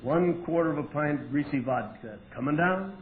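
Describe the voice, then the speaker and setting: A man telling his story at a recovery meeting, wry and profane, with sudden loud outbursts. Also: on the high side, a little fast. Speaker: AA meeting speaker. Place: meeting hall with audience. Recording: tinny lo-fi 1988 tape with faint hiss.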